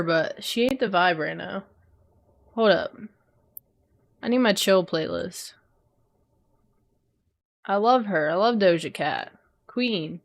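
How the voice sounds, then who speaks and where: This young woman streamer has a medium-pitched voice and a clean studio sound without echo. She chats and swears casually with her viewers during a craft, and her voice fades now and then as she turns from the desk microphone.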